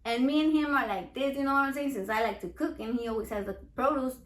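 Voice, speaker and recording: A Mexican American woman with a Chicano English accent hosts a casual home cooking vlog. She talks in a brash, playful, profane way, and her voice sits a bit high. The sound bounces around a roomy home kitchen. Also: quick pace, background noise. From United States, Mexican American. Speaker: home cook and salsa seller. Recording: echoey room.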